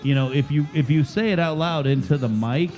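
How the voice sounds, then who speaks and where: A man's voice: a little high, brisk, darkish tone, soft background music. A man hosting a casual podcast chat, telling stories with lots of swearing and laughter. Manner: profane, laughing storyteller. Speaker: podcast host, chef and teacher.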